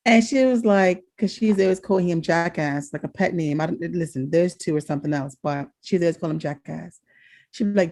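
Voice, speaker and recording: Mellow-voiced woman telling a family story. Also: a little fast. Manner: animated, laughs often, jumps high when quoting herself. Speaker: podcast co-host. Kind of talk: casual storytelling chat.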